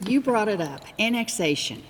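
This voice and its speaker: Brisk older woman in a reverberant room. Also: mid-range voice, lively intonation, a little hiss or hum. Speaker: former state legislator. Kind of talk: oral history reminiscing.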